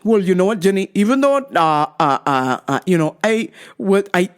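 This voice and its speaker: A woman's voice: medium pitch, big pitch swings, normal speed, close to an everyday voice. A flustered older immigrant dad stammers out his excuses, defensive and stubborn, as his daughter acts him out. His voice rises and falls a lot as he fumbles for words.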